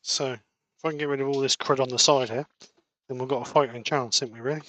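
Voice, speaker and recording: A man co-hosting a casual livestream, talking quietly and muttering asides. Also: medium pitch, steady tone, fast talker, slight background noise. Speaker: livestream co-host.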